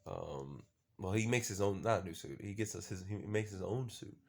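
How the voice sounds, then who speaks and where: A man's voice: low voice, animated, normal speed, gravelly. A man casually recapping a show episode, rambling with lots of fillers and the odd swear word. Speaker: show reviewer.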